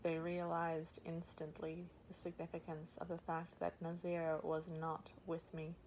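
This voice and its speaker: A woman's voice: on the low side, completely flat delivery, a little slow, darkish tone, a little hiss or hum, poor audio. A woman reading a first-person novel aloud as audiobook narration. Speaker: audiobook reader.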